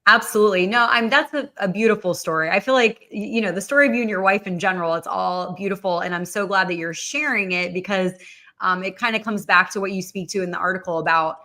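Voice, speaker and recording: Bright-voiced chatty woman host. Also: medium pitch, fast talker. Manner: chatty, many fillers. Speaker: podcast host. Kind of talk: casual livestream talk.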